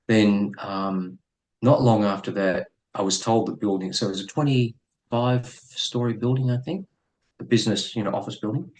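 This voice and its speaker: A middle-aged man with an Australian accent, telling a story as a podcast guest in a blunt, profane and lively way. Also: fairly low pitch, moderate pace, slight background noise, low-quality recording. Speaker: guest, former police officer.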